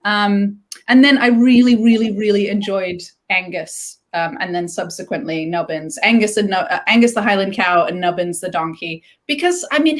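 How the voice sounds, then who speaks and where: A woman's voice: mid-range voice, moderate pace, few pauses. A woman author chatting on a video call, laughing often and talking with many fillers and restarts. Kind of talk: casual conversation on a livestream.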